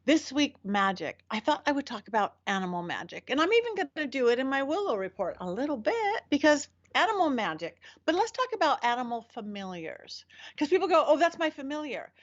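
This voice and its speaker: A woman hosting a podcast, giving a casual spoken lesson with lively, swooping emphasis and frequent self-corrections. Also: sits high, fairly quick, highs cut off. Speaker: podcast host teaching magic.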